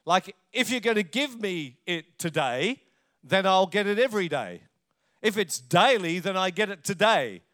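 High-voiced Australian pastor, chatty and joking. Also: male voice, big pitch swings, normal speed, fairly bright tone. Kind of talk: conversational sermon.

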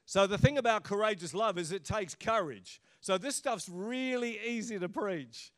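A man's voice: high voice, normal speed, fairly bright tone. A middle-aged man pastor giving a sermon in a conversational, humorous preaching manner.

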